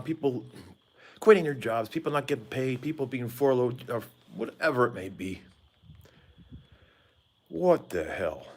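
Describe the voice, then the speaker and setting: A man rambling casually and joking with viewers during a live stream, talking into his phone on a side porch outdoors. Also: medium pitch. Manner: rambling, jokey, talks to viewers. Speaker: vlogger. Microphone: phone held by hand.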